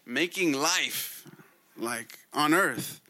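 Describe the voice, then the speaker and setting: A lovesick young man from an old myth, as a storyteller puts him on, talking in loose street slang. The voice sits a bit high and moves at an unhurried pace. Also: expressive, bright, forceful tone, full character voice. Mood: amazed. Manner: slangy, casual street talk.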